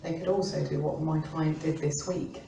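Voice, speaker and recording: A middle-aged woman from the UK, an employment law expert talking informally and acting out quoted remarks in lively voices. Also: deep voice, moderate pace, creaky, slight background noise. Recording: roomy, distant mic with faint ambience.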